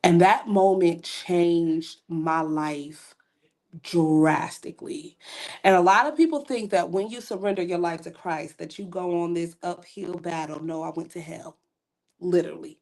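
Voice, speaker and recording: A woman's voice: on the low side, a little slow, a little mellow. A woman guest on a podcast, sharing a candid personal faith testimony in an earnest, storytelling way with casual asides.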